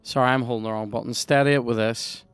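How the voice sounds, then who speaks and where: A man with a Northern Irish accent, hosting a podcast and commenting on a video game in a sweary, excitable, jokey way. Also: medium pitch, fast, clear, resonant tone, soft background music. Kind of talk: casual gameplay commentary.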